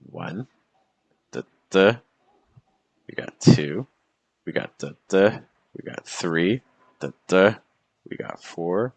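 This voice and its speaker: Male poetry teacher, deep voice, relaxed explainer who keeps checking in and sounds out beats. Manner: chatty, checks in with "okay" and "right"; taps out rhythm with "da da" syllables. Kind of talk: casual explanatory lesson.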